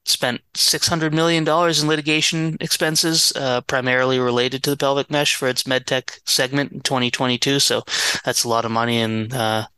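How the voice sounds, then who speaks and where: Flat, crisp-voiced man reading news items. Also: mid-range voice, no echo, rough recording. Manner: halting, with many ums and restarts. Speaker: news reporter on the podcast. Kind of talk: casual news rundown.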